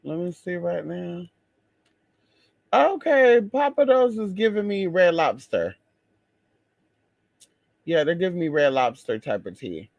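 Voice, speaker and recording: A man chatting casually to his viewers in a sassy, expressive way. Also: high voice, unhurried, creaky, long pauses, dry recording. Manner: sassy, expressive, exclaims and drawls. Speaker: vlogger.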